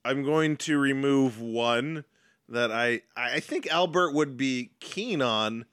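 A man's voice: medium pitch, slow pace, fairly bright tone, clean tone, no room sound, clean studio sound. A man co-hosting a casual podcast, blunt and crude, laughing often. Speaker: podcast co-host. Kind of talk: casual chat.

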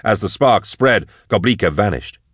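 Deep-voiced male audiobook narrator. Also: dry recording, clean studio sound. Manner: steady, measured storytelling of action scenes.

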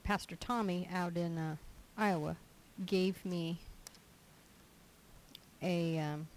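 A woman's voice: fairly low pitch, fairly even intonation, takes it slowly, slight background noise, poor audio. A woman preaching a sermon, reading a scripture passage aloud and explaining it, sometimes acting out everyday complaints in character. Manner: reads scripture aloud then applies it, acting out quoted complainers.

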